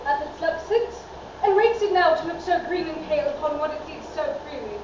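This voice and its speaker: A woman's voice: sits high, a little fast, lightly acted. Woman playing a commanding noblewoman, scornful Shakespearean verse, dull distant recording. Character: fierce noblewoman goading her hesitant husband. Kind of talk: Shakespearean stage monologue. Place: theatre stage. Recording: echoey hall, far off, dull, noisy.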